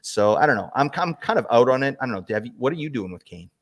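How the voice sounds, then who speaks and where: A man's voice: medium pitch, quick pace, lo-fi sound. Playful, bantering male co-host. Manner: playful, animated banter with stammered restarts. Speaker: podcast co-host. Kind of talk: casual podcast banter.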